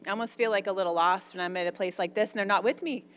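A woman's voice: mid-range voice, steady tone, very fast, a bit bright, a little hiss or hum. Candid woman telling a personal story. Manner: candid, self-deprecating, lots of "um" and "like". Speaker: storyteller speaking to a live audience.

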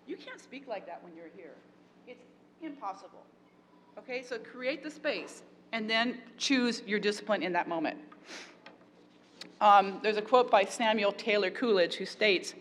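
A woman leading a parenting workshop for an audience, talking in a warm, encouraging way with playful asides. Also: mid-range voice. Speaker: parenting class teacher. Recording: echoey hall, faint ambient noise.

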